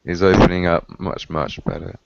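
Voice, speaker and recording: A man chatting casually in a measured, thoughtful way during a video call, pausing on fillers. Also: sits low, level tone, gravelly. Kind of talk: casual chat. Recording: dull lo-fi video call audio with faint noise.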